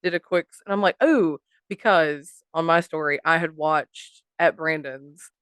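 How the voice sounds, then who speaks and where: Woman co-host with a lowish voice. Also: unhurried, fairly bright tone, clear, resonant tone, dry recording. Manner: reactive, lots of "right" and "ew". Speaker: podcast co-host. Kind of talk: casual chat.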